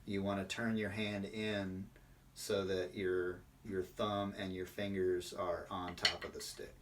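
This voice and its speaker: A man with a fairly low voice teaches drum line technique, walking through each step with frequent fillers. He sounds set back from the mic, with faint noise in the room. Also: flat delivery, a little slow, far from the mic. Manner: explanatory, many fillers, instructive. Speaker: percussion instructor. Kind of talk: online drum line lesson.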